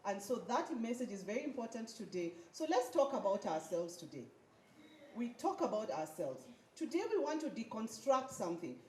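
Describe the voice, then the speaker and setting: A woman's voice: fairly high pitch, sing-song, moderate pace, darkish tone, slight background noise. A woman giving a motivational speech at a graduation, leading the audience in call-and-response chants. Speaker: speaker at a graduation ceremony. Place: event hall with an audience. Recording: echoey hall.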